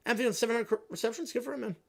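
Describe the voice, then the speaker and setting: A man hosting a live stream, chatting casually and answering viewers' questions, swinging between loud excited rants and quiet low asides. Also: gravelly, breathy edge. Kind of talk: casual live reaction chat.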